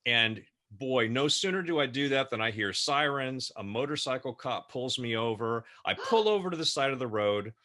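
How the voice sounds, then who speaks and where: A man spins a personal story during an interview, lively and acting out each quoted line. His voice has a bright, clear edge and sits at an ordinary middle pitch. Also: normal speed, hardly any pauses. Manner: lively storyteller who acts out quoted dialogue. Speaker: co-host. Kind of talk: telling a personal anecdote in an interview.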